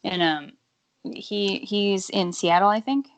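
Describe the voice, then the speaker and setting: A woman's voice: medium pitch, slow pace, highs cut off. A woman guesting on a casual sports podcast, rambling with lots of fillers and emotional.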